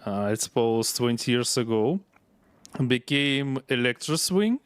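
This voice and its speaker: A man streams a video game, chatting casually and laughing often. He speaks slowly, and his voice is clear and smooth. His pitch moves up and down in a lively way. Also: no room sound. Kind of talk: casual gameplay commentary.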